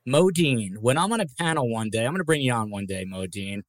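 A chatty man hosting a live podcast panel. He reads viewer comments aloud and drifts into casual asides. The recording is dry and close, with a pitch in the middle range. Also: animated, fairly quick, dry recording. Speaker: podcast host.

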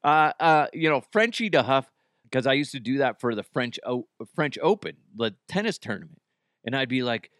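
A man's voice: medium pitch, fairly bright tone, no room sound, clean studio sound. A man hosting a podcast in a rambling, jokey comedic monologue, laughing often. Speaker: podcast host.

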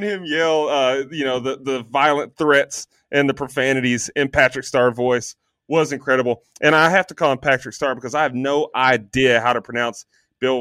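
A man co-hosting a podcast, chatting casually about a movie, animated, swearing freely and filling gaps with ums. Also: mid-range voice, moderate pace, clear, resonant tone, no room sound, clean studio sound. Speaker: podcast co-host. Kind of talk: casual movie review chat.

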